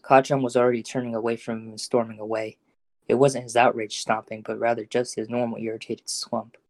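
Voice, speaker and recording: A man narrates a fan audio drama in a steady, even storytelling voice. His pitch stays mid-range and fairly flat, and the recording is dry and close. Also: fairly quick, no room sound.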